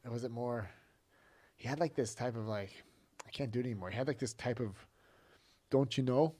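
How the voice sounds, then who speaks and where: A man's voice: medium pitch, fast talker, darkish tone. A man from California co-hosting a podcast, chatting casually, rambling and restarting his sentences. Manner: rambling, trails off and restarts, laughs easily. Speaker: podcast co-host. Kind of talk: casual chat.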